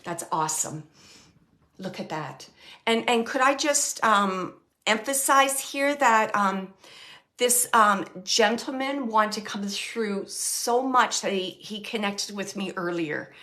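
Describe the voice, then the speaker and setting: A woman working as a medium, giving a live reading to an audience member, talking in halting phrases with many fillers and repeating words as she relays messages. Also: mid-range voice, bright, forceful tone. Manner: relays messages, quotes the dead man.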